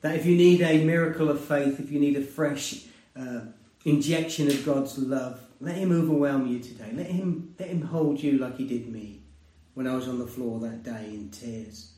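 A man's voice: normal speed, few pauses. Earnest male preacher in a roomy space. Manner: earnest, conversational, swinging between loud emphasis and hushed lows. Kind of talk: sermon with personal testimony. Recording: roomy, distant mic.

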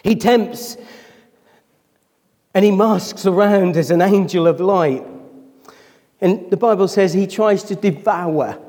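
A man's voice: sits high, slow pace, pauses often, mellow, long reverb tail. A man preaching a sermon as pastor. He talks emotionally, nears tears, and keeps asking his congregation questions. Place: church hall.

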